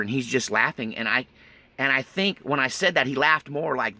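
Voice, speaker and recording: A man's voice: medium pitch, steady tone, moderate pace, bright, forceful tone. A man telling his life story in a casual, blunt and folksy way, often laughing nervously. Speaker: autobiographical storyteller. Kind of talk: casual spoken memoir.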